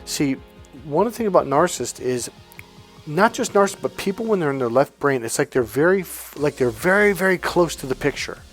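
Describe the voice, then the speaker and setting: A man's voice: fairly high pitch, lively intonation, brisk, faint music behind. A man coaching on relationships in a loose, slangy monologue, acting out short exchanges between people. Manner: loose, slangy, acts out little dialogues in quotes. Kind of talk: casual monologue to camera.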